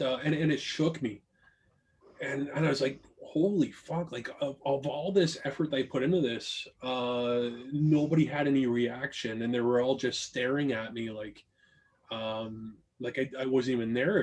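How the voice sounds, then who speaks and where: A man telling a crude story in casual talk, animated, swearing freely and acting out quotes. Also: medium pitch, a little hiss or hum, rough recording.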